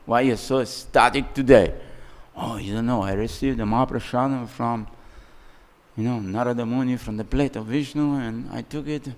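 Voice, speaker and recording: A man voicing a calm male god who soothes his wife in a quiet tone. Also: mid-range voice, normal speed, lightly acted. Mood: soothing.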